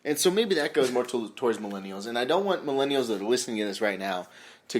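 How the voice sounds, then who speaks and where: A man's voice: medium pitch, sing-song, quick pace. Young man, podcast co-host, casual chat, storytelling, swears a lot. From US desert region. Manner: storytelling with acted quotes and swearing.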